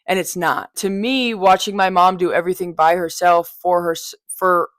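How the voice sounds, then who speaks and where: A young woman hosts her own podcast in a loose, confessional monologue, frank and heavy on profanity. Her voice sits on the lower side for a woman. The sound is close and dry, with no room echo. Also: fairly even intonation, normal speed. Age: young adult. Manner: blunt, frank, swears freely, chatty asides. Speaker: podcast host. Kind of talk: casual personal monologue.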